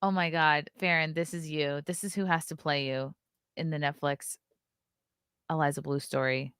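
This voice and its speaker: A woman's voice: sits low, steady tone, moderate pace, a bit bright, clear, resonant tone, dry recording, studio quality. Chatty woman hosting a stream. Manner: chatty, riffing, laughs often. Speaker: host. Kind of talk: casual live-stream chat.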